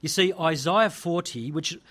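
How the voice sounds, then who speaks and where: A man's voice: fairly high pitch, measured pace, a bit bright. Emphatic Australian man preaching a sermon. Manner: emphatic, building rhetorical repetition.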